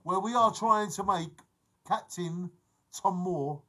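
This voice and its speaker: On his live stream, a man in his forties chats casually and cracks jokes, reading out viewers' names as he greets them. His high-pitched voice is slow, pushed and bright, and the recording quality is low.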